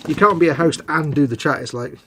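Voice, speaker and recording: A man's voice: a little high, fast talker, a bit bright, slight background noise. A middle-aged man co-hosting a live stream, chatting and telling self-mocking stories. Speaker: co-host of a live hobby stream. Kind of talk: casual banter.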